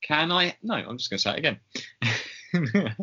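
A man co-hosts a podcast, chatting casually and hesitantly with lots of ums along the way. His voice has a bright, sharp edge. The sound is slightly dull and lo-fi. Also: on the high side, sing-song, unhurried, husky. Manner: chatty and hesitant, with many ums and frequent laughs. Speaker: podcast co-host. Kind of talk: casual chat.

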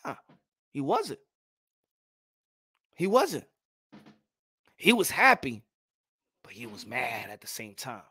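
A man hosting a boxing show, talking loud and profane, mocking critics and repeating himself. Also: medium pitch, wildly swooping pitch, takes it slowly, pauses often, slightly rough, no echo. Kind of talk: animated boxing commentary.

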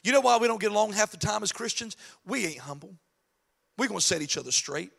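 A man preaching a lively sermon, swinging from shouted, chanted lines to soft asides. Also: high-pitched, fast, gravelly. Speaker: pastor. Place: church sanctuary.

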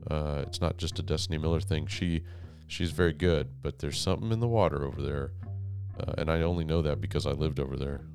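A man hosting a podcast, rambling and self-deprecating, talking quietly in a home office. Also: very deep voice, brisk, faint music behind. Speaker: podcast host. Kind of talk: casual monologue. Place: wife's office, speaking quietly.

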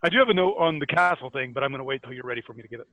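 A man's voice: medium pitch, lively intonation, rapid-fire, dry recording, narrow, tinny audio. A man with a Scottish accent, a podcast co-host telling music history stories in casual chat, with many fillers and easy laughs. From Scotland.

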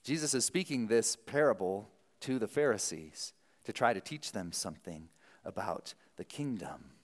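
A man preaching a sermon as a pastor, telling the story in an animated, lively way with quick asides. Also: on the low side, long reverb tail.

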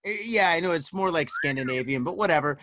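A man's voice: fairly high pitch, fast, noisy background. A man hosting a casual podcast chat, tipsy from wine, telling rambling stories full of swearing and "dude". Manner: profane, rambling storyteller, says dude and man a lot. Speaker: podcast host.

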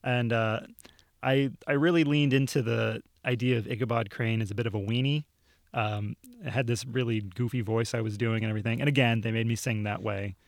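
A relaxed young man tells stories on a podcast, his voice mid-pitched and unhurried, dotted with "uh"s and small laughs. The sound is close and dry, with no room around it. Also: vocal fry, no echo. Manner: laid-back storytelling with frequent fillers and laughs. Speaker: video producer. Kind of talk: casual podcast chat. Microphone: studio microphone.

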